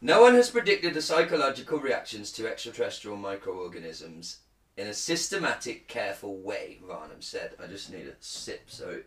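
A man's voice: on the low side, sing-song, normal speed, echoey room, low-quality recording. A man co-hosting a casual podcast, reading a news article aloud and joking and swearing along the way. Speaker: podcast co-host.

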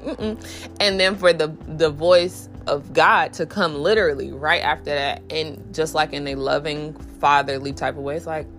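A woman's voice: steady tone, normal speed, a bit bright, soft background music. A woman hosting a podcast, talking candidly about faith with many fillers, restarts and acted-out voices. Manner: acts out inner voices with raised pitch. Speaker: podcast host. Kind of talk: casual faith talk.

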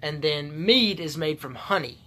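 A man with a slightly raised pitch chats casually, cracking jokes and asking curious questions, with an easy habit of swearing. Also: expressive, a little slow, bright, forceful tone. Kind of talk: casual chat.

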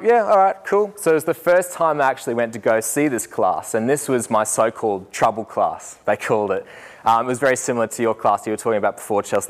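Animated young man telling a story. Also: on the low side. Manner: animated, laughing, acts out voices in anecdotes. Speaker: student teacher. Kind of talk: storytelling talk.

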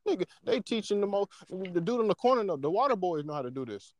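A man in casual podcast chat, talking in an animated, slangy way and checking in with his listeners as he explains. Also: sits high, fast talker, no echo, lo-fi sound. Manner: animated, slangy, often asks "you know what I'm saying". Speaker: podcast co-host.

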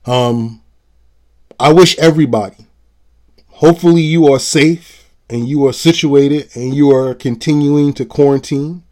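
A man's voice: fairly high pitch, steady tone, a little slow, darkish tone. A man hosting a show, delivering a blunt, profane commentary monologue with heavy emphasis. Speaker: show host.

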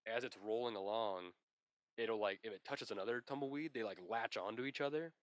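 A man co-hosts a loose, comedic podcast chat in a lowish voice. He rambles and invents ridiculous tall tales while keeping a straight face. His voice sounds dry and close, with no room echo. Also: a little fast. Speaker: podcast co-host.

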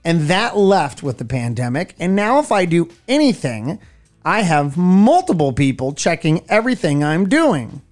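A man's voice: fairly high pitch, normal speed, faint music behind. A middle-aged man co-hosting a radio show, chatting casually and telling stories with lots of expression. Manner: animated storytelling, acts out voices. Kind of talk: casual chat.

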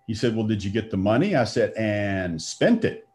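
A man's voice: on the low side, very animated, normal speed, a little mellow. Middle-aged guy telling a story, chatty, does little voices for quotes. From Texas. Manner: conversational, acts out quoted lines. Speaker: speaker sharing a personal faith story. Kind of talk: storytelling talk.

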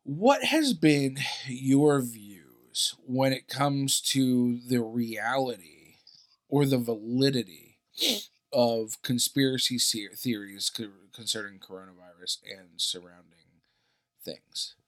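A man of middling pitch tells stories in a casual chat, cursing freely and throwing in quick asides. He speaks in an animated, offhand way.

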